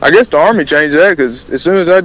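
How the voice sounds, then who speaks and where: A man's voice: fairly high pitch, lively intonation, fast talker, fairly bright tone, poor audio. A man from Alabama, a country musician, talking easily and laughing often in a phone interview. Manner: easygoing, laughs a lot.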